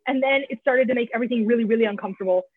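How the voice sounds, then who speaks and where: A slightly high, husky woman's voice comes in rapid-fire over a tinny, dry phone call. She's a podcast guest and author in recovery, telling her story frankly and conversationally, swearing and dropping "like" and "you know" constantly.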